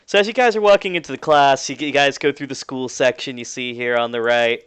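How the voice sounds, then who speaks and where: A man narrating a tabletop game as game master in a relaxed, chatty way. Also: mid-range voice, fairly quick, smooth, no echo.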